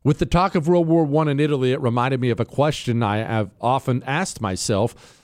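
A man hosting a talk radio show, chatting casually and reading listener emails, his voice jumping up when he sounds incredulous. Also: fairly quick. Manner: animated, swings high when incredulous.

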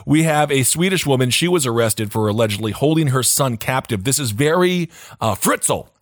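A man's voice: mid-range voice, animated, moderate pace, no echo, clean studio sound. A man hosting a casual talk show, running through odd news stories with sarcastic asides. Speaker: podcast host.

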